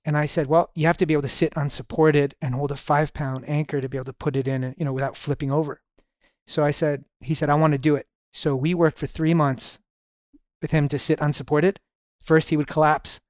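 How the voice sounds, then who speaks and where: Middle-aged male guest, relaxed storyteller, fairly high voice, dry sound. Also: a little fast, clean tone, dry recording. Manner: relaxed storyteller, sprinkles in "you know". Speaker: podcast guest. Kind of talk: casual storytelling conversation.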